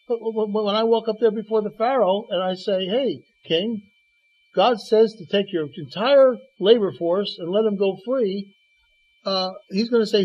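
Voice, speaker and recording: A guest preacher on a radio program tells Bible stories, voicing quoted dialogue and stumbling into stammered restarts. His voice is high-pitched and slightly rough, at a moderate pace. The broadcast sounds dull and lo-fi.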